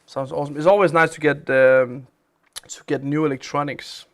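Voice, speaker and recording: Playing games on his live stream, a man keeps up chatty, rambling conversation at a moderate pace. His voice sits fairly high, with fairly even intonation.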